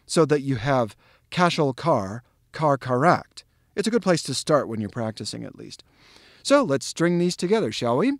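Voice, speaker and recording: A man giving a pronunciation tutorial on a literary passage, explaining calmly and drilling the words syllable by syllable. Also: mid-range voice, no room sound, studio quality.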